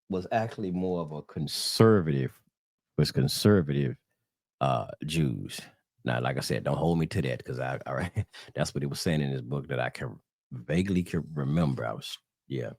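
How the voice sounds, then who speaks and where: Very deep-voiced Southern man, dry sound. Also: a little mellow, no echo. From Southern United States. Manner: rambling, addresses viewers as y'all, many fillers and restarts. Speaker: religious channel host. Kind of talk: casual religious teaching.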